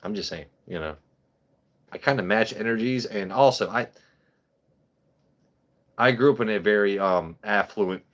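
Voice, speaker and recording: A man's voice: fairly low pitch, a little slow, pauses often, dull audio. A man hosting a live stream, telling a story casually with lots of swearing and rambling restarts. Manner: rambling, profane, animated. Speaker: host.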